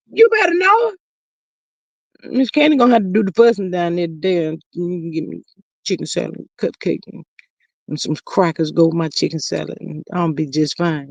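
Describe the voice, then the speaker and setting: A woman hosting a casual gossip livestream, reading chat comments aloud and drawling slang, swinging between loud calls and low murmurs. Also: vocal fry, dry recording. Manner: drawling Southern slang, says child a lot, reads comments aloud.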